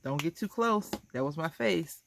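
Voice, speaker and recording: Sassy streetwise old tomcat, unbothered, voiced by a woman, gravelly. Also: low voice, lively intonation, normal speed, a little hiss or hum. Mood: tough. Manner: tough-talking, unbothered.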